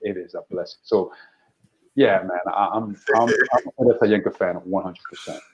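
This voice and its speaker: A man's voice: low voice, normal speed, highs cut off. A man, an actor and guest, talking animatedly in a casual interview and often repeating words.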